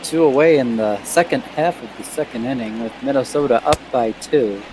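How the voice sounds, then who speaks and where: An easygoing man from Michigan offers baseball color commentary, going through teams and players at a steady, relaxed pace. His voice sits at a medium pitch. Clear noise runs behind him. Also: normal speed. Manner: easygoing, analytical, lists player names. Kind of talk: casual sports commentary.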